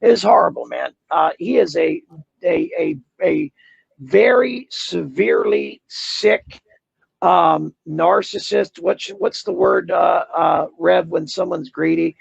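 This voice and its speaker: A man with a gravelly, raspy voice chatting about politics on a livestream, halting and searching for words. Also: high-pitched, no echo. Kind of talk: casual political chat. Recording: dull lo-fi dry sound.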